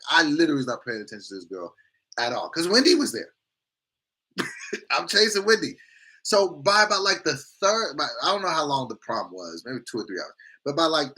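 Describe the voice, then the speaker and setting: A man hosting a morning show, telling a story in a casual, animated and profane way, acting out the lines of the people in it. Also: a little high.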